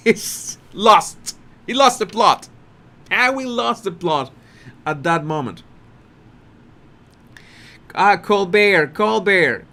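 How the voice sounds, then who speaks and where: A man hosts his commentary channel and picks apart a clip. His voice sits high and swings up and down a lot as he stresses words. He speaks slowly and often repeats himself. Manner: animated and emphatic, repeats words, laughs at his own points. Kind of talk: video commentary on a talk-show clip.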